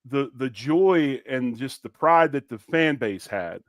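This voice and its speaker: A man's voice: medium pitch, expressive, slow pace, dry recording, studio quality. A man co-hosting a sports podcast, talking in a passionate, emphatic way and repeating words when he gets fired up. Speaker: podcast co-host. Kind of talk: casual sports talk.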